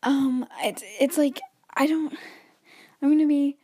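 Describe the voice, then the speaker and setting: A teenage girl hosts her own podcast solo, rambling nervously with many restarts and a slight wheeze as she paces her bedroom. Her voice is high, with little pitch movement, an unhurried pace, and a warm tone.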